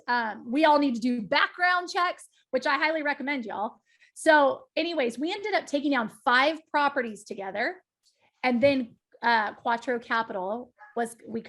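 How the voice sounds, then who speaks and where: High-voiced woman telling a lively story. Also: creaky. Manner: lively, emphatic storytelling with direct asides to the audience. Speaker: guest speaker. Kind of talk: storytelling talk to a meetup.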